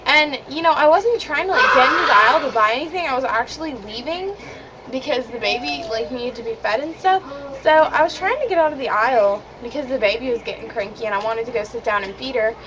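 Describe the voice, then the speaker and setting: Quick and high-pitched with lively intonation, a teenage vlogger tells the camera an indignant story, chattering with plenty of "like" fillers. Her webcam audio is dull and lo-fi, with noticeable background hiss.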